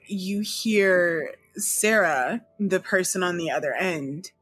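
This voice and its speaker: Slow, deliberate woman game master. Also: fairly low pitch, fairly bright tone, husky, no echo, faint music behind. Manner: slow, deliberate storytelling with casual slang. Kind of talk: narrating a tabletop game.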